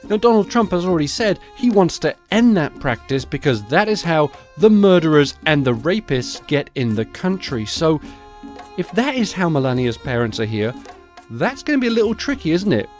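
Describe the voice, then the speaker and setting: A man's voice: a little high, very animated, normal speed, darkish tone, soft background music. Sarcastic, swearing male podcaster. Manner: sarcastic, profane, conversational. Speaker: podcast host. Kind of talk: solo news-comedy podcast commentary.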